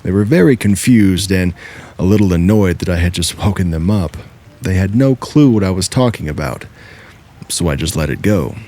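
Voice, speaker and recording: A man with a very low, deep voice reads true horror stories aloud. His delivery is steady and measured, like scripted narration.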